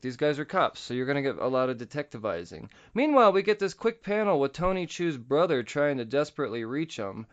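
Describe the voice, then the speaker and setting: Recapping a comic book on his podcast, a young host keeps things loose, cursing freely and chuckling at his own slip-ups. He has a smooth, mid-range voice, heard through slightly dull, lo-fi podcast audio.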